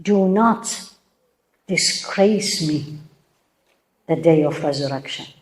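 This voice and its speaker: A woman's voice: low voice, slow, reverberant. A woman teaching a religious talk to a room of women, emphatic and full of rhetorical questions. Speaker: Islamic teacher. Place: room with a live audience.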